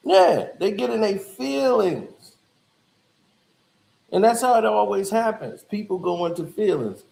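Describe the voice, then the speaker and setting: A fairly high-pitched male host with a gravelly, crackling voice talks in a laid-back, conversational way. His voice rings in a roomy, echoey space. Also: expressive, measured pace, darkish tone. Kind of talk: casual commentary.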